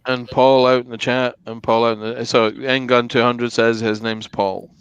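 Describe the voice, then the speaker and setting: A man's voice: medium pitch, flat delivery, normal speed, clean tone, no echo, muffled recording. A man co-hosting a live stream and reading out the chat, hesitant and teasing, often repeating his words.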